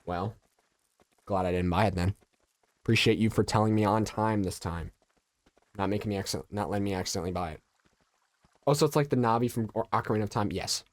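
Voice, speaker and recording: A man's voice: fairly low pitch, fast talker, long pauses, no echo. Nasal, stuffy man streaming a game. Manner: chatty, loose and joking, muttering asides. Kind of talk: casual live-stream chat, answering viewers.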